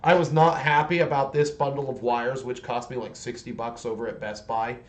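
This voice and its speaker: A man's voice: medium pitch, fairly even intonation, moderate pace. A man in his forties chatting casually on a livestream while painting miniatures, rambling along with many restarts.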